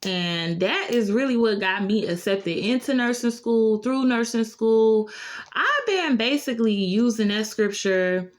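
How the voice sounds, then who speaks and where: A woman's voice: on the high side, a little slow. Earnest woman nurse telling a faith story. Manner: earnest, faith-filled encouragement with frequent "like" fillers. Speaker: nurse and vlogger. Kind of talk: casual storytime vlog.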